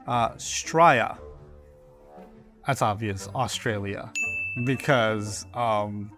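A man's voice: mid-range voice, a bit bright. A man casually and playfully guessing the meaning of slang words, thinking aloud and joking at his own guesses. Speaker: speaker reacting to slang list. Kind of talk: casual comedic monologue.

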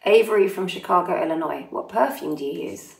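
Chatty woman with gravelly, low voice. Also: brisk. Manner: chatty, self-deprecating, reads names and towns before answering. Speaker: singer answering fan questions. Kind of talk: casual Q&A, reading out fan questions. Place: holiday home in Italy, family in next room. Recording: roomy echo.

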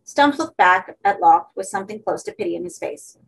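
A woman narrating a horror story for an audiobook in a steady, measured way. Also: mid-range voice, vocal fry, poor audio.

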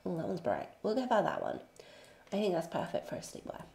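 An excitable young woman chatters through her gameplay, her pitch leaping about as she gushes and slips into cooing baby talk. Her voice sits in a roomy, echoing space. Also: fairly quick, gravelly. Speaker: gaming YouTuber. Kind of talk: let's-play commentary.

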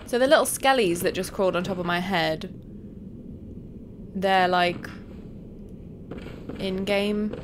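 A young woman commentating her first playthrough of a game, chatty and quick to shriek and laugh at what happens. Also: mid-range voice, noisy background. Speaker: gaming streamer. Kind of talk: let's play commentary.

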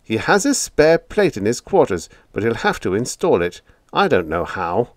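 A man's voice: mid-range voice, very animated, moderate pace, no echo, studio quality, pitched above the performer's own voice. A man playing a flustered, squawking radio operator. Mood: thoughtful. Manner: squawking, exasperated.

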